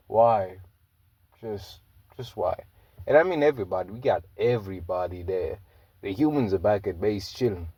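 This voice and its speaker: A man's voice: medium pitch, mellow, no echo. A man telling a fan-made story in a rambling, slangy way, with many fillers.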